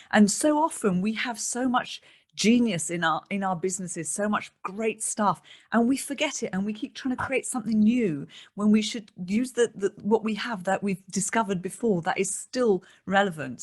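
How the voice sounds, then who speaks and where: A woman hosting a podcast interview, affirming and chatty, laughing often. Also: medium pitch. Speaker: podcast host. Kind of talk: interview conversation.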